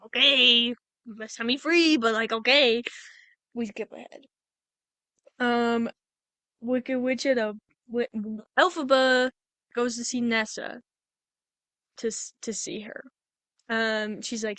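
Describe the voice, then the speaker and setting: A woman's voice: a little high, fairly even intonation, takes it slowly, long pauses, pushed and bright, no echo. A woman on a podcast, casually retelling a movie plot in a rambling way with many restarts. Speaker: podcast co-host. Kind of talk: casual movie review chat.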